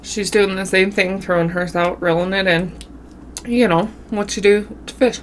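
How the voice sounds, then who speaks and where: A woman vlogger casually telling a spooky story while eating, with a runny nose and an animated, drawn-out way of talking. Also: medium pitch, a little hiss or hum. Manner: animated storytelling with southern-style "y'all". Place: home, eating on camera.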